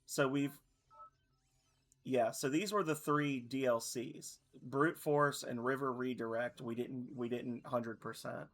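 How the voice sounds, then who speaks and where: A man in his thirties chatting casually on a stream, rambling and correcting himself, his voice a little hoarse. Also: medium pitch, fairly even intonation, slow pace, a bit bright. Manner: rambling, loose, self-correcting. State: slightly hoarse.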